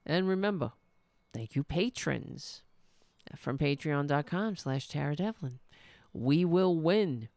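A low-pitched woman host talks in an unhurried, casual way as she closes her show. Her voice has a gravelly fry, and the sound is dry and close. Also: animated, dry recording. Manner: coaxing her cat in a soft high voice, then upbeat sign-off. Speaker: podcast host. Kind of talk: casual livestream sign-off.

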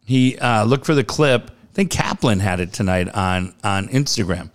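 A man's voice: on the low side, expressive, moderate pace. A male co-host in casual sports chat, telling profane, sarcastic stories.

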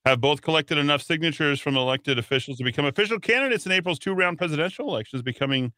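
Talk radio host, male: punchy bright tone, dry studio mic, rambling headline rundown. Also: a little high, fast, few pauses, no room sound. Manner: rambling, reads headlines then riffs with filler words. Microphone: studio microphone.

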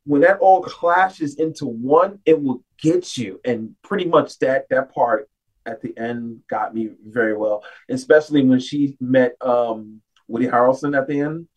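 A man's voice: mid-range voice, a little slow, far from the mic, poor audio. Easygoing male podcast guest. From United States. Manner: loose, filler-heavy, heartfelt. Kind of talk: casual podcast chat.

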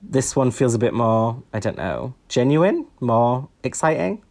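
A man's voice: medium pitch, very animated, a little slow, darkish tone. A man co-hosting a podcast in casual chat, wry and chatty with frequent ums. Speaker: podcast co-host.

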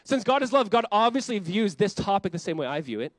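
An animated male pastor preaching fast in a high, bright voice, slipping into little acted-out voices and cutting himself off to restart. The sound is dry and close, with no room echo. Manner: animated, acts out quoted voices, self-interrupting. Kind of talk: sermon.

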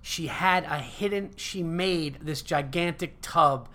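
A man hosts a podcast and tells a long story in loose, rambling speech full of swearing and fillers. His voice sits a little high for a man and has a bright, forceful edge. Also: takes it slowly. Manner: animated, profane, rambling with fillers. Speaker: podcast host. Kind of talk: casual storytelling chat.

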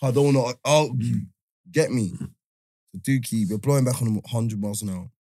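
A man, telling a story in casual podcast chat, animated and full of laughter and slang. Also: mid-range voice, normal speed, no echo, clean studio sound. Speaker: podcast host.

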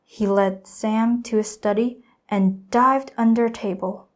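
A teenage student girl reading a children's storybook aloud, careful and expressive. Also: fairly high pitch, a little slow, few pauses. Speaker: student reader.

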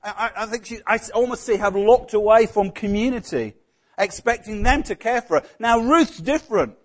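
A man's voice: sits high, lively intonation, moderate pace. A man preaching a sermon in a conversational way, often putting questions to the congregation.

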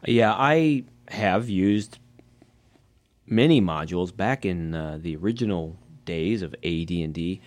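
A man with a lowish voice joins a relaxed podcast conversation about tabletop games. He thinks out loud in a measured, reflective way. Nothing about his delivery is showy. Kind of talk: casual gaming podcast chat.

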